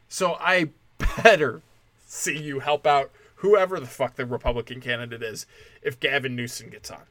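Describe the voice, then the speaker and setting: A man's voice: medium pitch, fairly even intonation, normal speed, fairly bright tone, no echo. A man ranting in a heated, profane, rambling way, full of "like" fillers. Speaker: commentator. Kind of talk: profane political rant.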